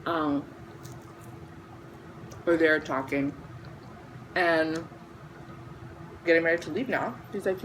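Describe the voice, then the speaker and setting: Young woman, low voice, casual storytime vlogger, faint hiss behind. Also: slow pace, long pauses, low-quality recording. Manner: chatty, animated retelling with quoted voices.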